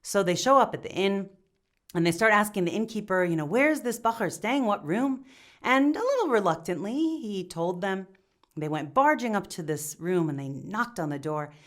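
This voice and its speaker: A woman storyteller narrating a folk tale in a lively, animated way. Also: mid-range voice, moderate pace. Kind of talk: oral storytelling.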